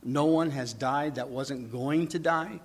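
Husky-voiced man preaching conversationally. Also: medium pitch, measured pace. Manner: conversational preaching, rhetorical questions, dramatic drops to a hush. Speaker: pastor. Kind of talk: sermon.

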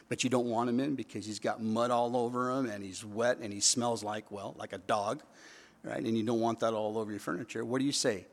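A man's voice: medium pitch, steady tone, brisk. Man preaching in a reverberant hall. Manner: conversational preaching, rising to emphatic repetition. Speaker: pastor. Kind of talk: sermon.

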